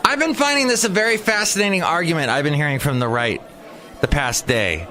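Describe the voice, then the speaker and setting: A man with a voice on the high side hosts his own daily podcast, speaking fairly quickly through a comedic monologue with character voices. He rambles animatedly, constantly restarting, interrupting himself and going off on asides.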